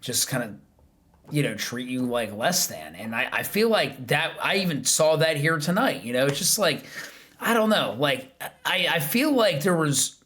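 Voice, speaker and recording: Animated man rambling on a podcast. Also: a little high, moderate pace. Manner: rambling, heavy use of filler words. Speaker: podcast host. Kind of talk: casual chat.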